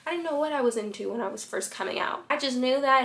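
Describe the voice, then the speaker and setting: A fashion influencer delivers blunt, sassy dating advice straight to camera in a talking-head advice vlog. Her voice is high and fairly bright, and she speaks fast.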